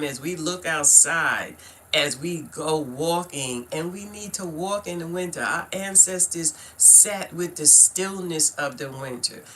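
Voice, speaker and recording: Reading cards on a live stream indoors at home, an older Brooklyn woman with a Brooklyn accent talks casually to her viewers, calling them "y'all" and "fam." Her voice sits on the low side with a fairly bright tone, and a little hiss or hum is audible.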